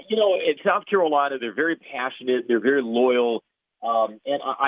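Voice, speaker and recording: A man's voice: medium pitch, dry recording. A Chicago-accented man who calls games for a living talks through an interview with an earnest, storytelling flow. His voice comes through narrow and phone-like, dry with no room around it. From Chicago area. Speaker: play-by-play broadcaster. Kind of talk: podcast interview answers. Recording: tinny phone line.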